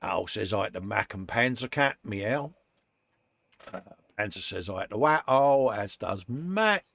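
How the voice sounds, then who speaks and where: A man's voice: on the low side, animated, a little slow, creaky, fairly bright tone. A British man co-hosting a model-making live stream, chatting casually and reading out viewer comments. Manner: chatty, calls people mate, laughs often.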